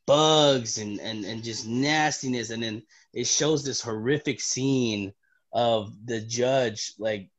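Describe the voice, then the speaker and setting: A man co-hosting a comic book podcast, excitable and swearing often, acting out the characters' lines loudly. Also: mid-range voice. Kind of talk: casual podcast chat.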